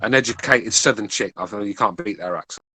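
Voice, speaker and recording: A man's voice: on the low side, fast, sharp tone, slightly rough. A man with an English accent on a boxing podcast, chatting casually and rambling with restarts and swearing. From England. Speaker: podcast panelist. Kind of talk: casual chat.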